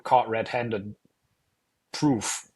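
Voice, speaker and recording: A man's voice: fairly low pitch, fairly even intonation, drawn-out words, a little mellow, breathy edge. A middle-aged man from Germany, a guest on an interview show, telling stories in a rambling way full of "you know" fillers. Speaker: guest, retired air force officer and wargamer. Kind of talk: casual interview storytelling.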